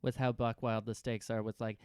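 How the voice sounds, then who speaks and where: A man's voice: medium pitch, level tone, fairly quick, a little mellow, clean tone, no echo, studio quality. A young adult man co-hosting a podcast, analyzing thoughtfully and hedging as he goes. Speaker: podcast co-host. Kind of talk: casual chat.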